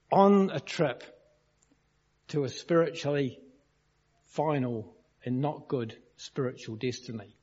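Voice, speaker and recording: A man preaching a sermon, walking through a verse with questions and stories. His voice is slightly high and husky. The recording is dull and lo-fi, with a long echo from a large hall. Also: a little slow, pauses often, darkish tone. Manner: storytelling, questions the congregation.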